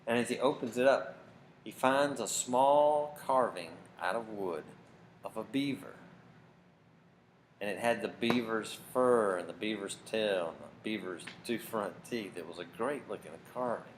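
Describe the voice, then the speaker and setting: A man telling a story to children at camp, dramatic and expressive, getting loud for big moments. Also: fairly low pitch, unhurried. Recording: faint background noise.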